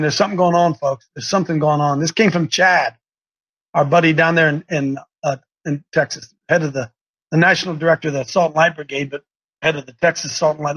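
A man hosting a live call-in show, talking in an excitable, preachy, rambling way. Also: fairly high pitch, low-quality recording.

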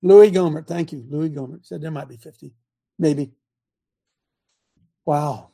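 A man giving an impassioned political talk to an audience, reading numbered principles aloud and breaking off into angry, loud commentary. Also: on the high side, unhurried, creaky, husky. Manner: reads numbered principles, then rants and comments; grows angry and loud at times. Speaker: speaker addressing an audience.

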